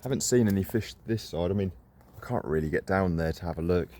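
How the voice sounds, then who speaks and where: A man's voice: sits low, fast talker, a little mellow. A man, chatting casually and a bit breathlessly as he walks a lakeside for his fishing vlog. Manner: chatty and self-deprecating, rambling asides. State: slightly out of breath while walking. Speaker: carp fishing vlogger. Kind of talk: casual walk-and-talk vlog. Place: outdoors by a lake.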